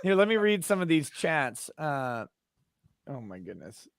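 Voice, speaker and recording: A slightly high-voiced man hosts a casual livestream and reads viewer comments aloud. His delivery is relaxed and wry, and he often tosses in joking asides. The sound is close and dry. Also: a little slow, creaky, no room sound. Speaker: livestream host reading chat.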